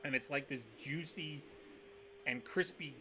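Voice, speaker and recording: A man's voice: on the high side, unhurried, noisy background. A man narrating as game master of a tabletop game on a video call, rambling with fillers. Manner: rambling, full of fillers and restarts. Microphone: video call setup.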